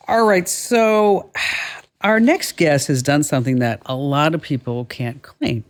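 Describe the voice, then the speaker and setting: A woman with a New Jersey accent hosting a tech radio show, chatty and quick to laugh as she interviews a guest. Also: low voice, dry recording, studio quality.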